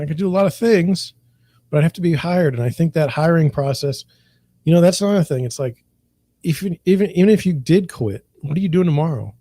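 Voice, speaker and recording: A middle-aged man speaks in a slightly raised but mellow voice, venting his frustration in a rambling, repetitive way. The recording is dry and close, with no room echo. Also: fairly high pitch, animated, a little fast. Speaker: real estate broker. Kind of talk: candid monologue to camera.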